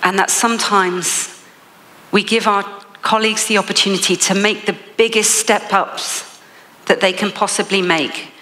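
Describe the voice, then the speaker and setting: A woman's voice: medium pitch, fairly even intonation, normal speed, bright, forceful tone, in a large hall. A woman with an English accent giving a motivational keynote speech, telling a story with frequent laughs. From England. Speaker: motivational speaker.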